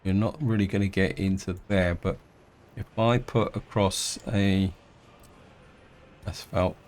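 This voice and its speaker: A man of middle age narrates his city-building game in a relaxed, unhurried way. His voice sits on the low side, and he pauses often, restarting sentences and weighing his options aloud as he goes. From England. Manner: thinking aloud, hesitant, many restarts. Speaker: game let's-player. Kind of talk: casual gameplay commentary.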